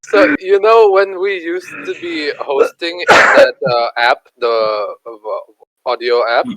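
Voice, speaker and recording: A man's voice: sits high, expressive, slow, very noisy. A man hosting a casual podcast chat, jokey and crude, who laughs a lot. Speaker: podcast host.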